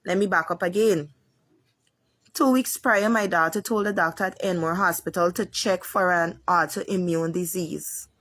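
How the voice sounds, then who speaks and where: A woman's voice: lowish voice, steady tone, moderate pace, few pauses, a bit bright, dry recording. A woman with a Guyanese accent, a mother giving an emotional, repetitive account of her daughter's hospital care. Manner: pleading, repetitive retelling. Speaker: mother of a sick patient.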